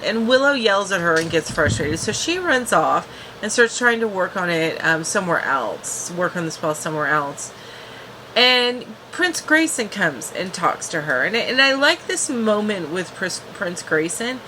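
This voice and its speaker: Bright-voiced chatty woman reviewer. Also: medium pitch, slight background noise, rough recording. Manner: chatty, restarts and fillers. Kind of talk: casual episode recap.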